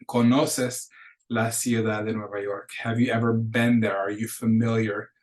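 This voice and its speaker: A man's voice: fairly low pitch, little pitch movement, normal speed, low-quality recording. A man teaching a beginning Spanish class in a recorded lecture, patiently explaining verbs and mixing English with Spanish examples. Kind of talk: recorded lecture over slides.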